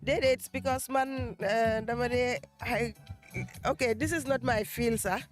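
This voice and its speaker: Woman interviewee, hoarse from two days outdoors, chatty and laughing, music loud behind her. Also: fairly high pitch, fairly even intonation, normal speed. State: losing her voice. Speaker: interviewee, event decorator and shop owner. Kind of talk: casual interview mixing Wolof and English. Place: outdoor gala event.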